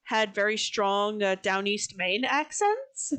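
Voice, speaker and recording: A woman's voice: mid-range voice, big pitch swings, slow, a bit bright, clean tone. A young American woman chatting casually with a friend, laughing often. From United States. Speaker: streamer co-host. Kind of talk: casual chat.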